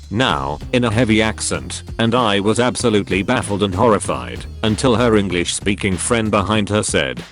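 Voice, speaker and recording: Lively low-voiced man reading funny posts. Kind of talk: read-aloud comedic narration.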